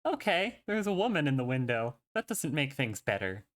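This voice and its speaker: A player in a tabletop game, talking through their turn with frequent laughter. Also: medium pitch. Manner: slow, animated, laughs often. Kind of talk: casual tabletop game banter.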